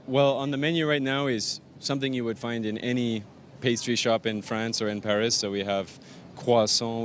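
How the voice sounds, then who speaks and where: A man's voice: medium pitch, fairly even intonation, normal speed. A man from Arizona, a pastry chef and bakery owner, explaining his pastries in detail, with fillers, during an on-location interview. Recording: faint outdoor traffic noise.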